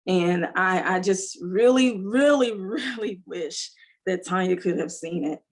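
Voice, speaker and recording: A woman's voice: lowish voice, measured pace. Woman guest, heartfelt, rambling, filler-heavy conversational storytelling. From United States. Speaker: entrepreneur guest. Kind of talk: emotional conversational interview.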